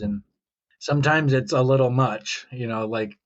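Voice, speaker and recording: A man's voice: medium pitch, moderate pace. Male podcast guest, rambling reflective storyteller, slightly muffled sound. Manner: reflective, rambling, quotes his own thoughts. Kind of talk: casual conversational storytelling.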